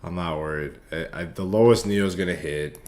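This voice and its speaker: A man's voice: deep voice, normal speed, darkish tone, a little hiss or hum. A man casually reviewing stock charts for viewers, loose, profane and hyped up. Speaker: stock trading streamer.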